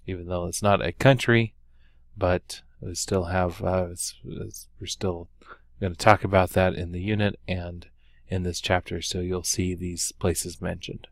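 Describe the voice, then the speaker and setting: Male teacher, lesson walkthrough, slow pace, lowish voice, hesitant fillers, dry sound. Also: level tone, creaky, no echo. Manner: unhurried, with many ums and uhs, slow careful Spanish examples. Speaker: Spanish teacher.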